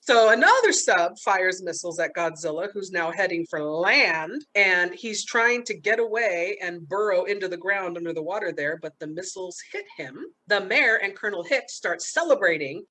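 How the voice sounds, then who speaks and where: A woman's voice: mid-range voice, animated, moderate pace, hardly any pauses, bright, forceful tone. A woman hosting a podcast, chattily recapping a movie scene by scene and laughing at the funny bits. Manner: chatty, recounts scenes with laughs and quoted lines. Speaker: podcast host. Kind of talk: casual movie recap chat.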